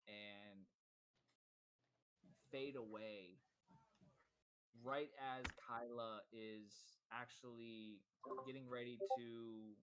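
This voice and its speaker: A man running a tabletop game as game master, narrating scenes and pausing often to search for the next words. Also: medium pitch, a bit bright, slight background noise, rough recording.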